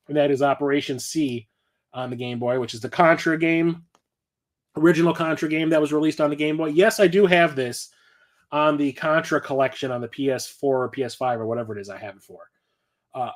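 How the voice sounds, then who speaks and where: A middle-aged man with a slightly raised pitch talks through his latest collection finds in a loose, chatty way. He swears casually and tells his stories with plenty of animation. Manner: chatty, profane, animated storytelling. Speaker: collector channel host. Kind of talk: casual collection show-and-tell.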